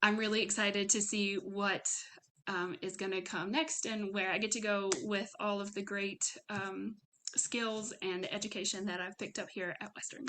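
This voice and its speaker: Bright-voiced nervous woman accepting an award. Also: medium pitch, level tone, moderate pace, slight background noise. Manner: nervous, emotional, many ums. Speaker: graduate student award winner. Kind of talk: acceptance speech.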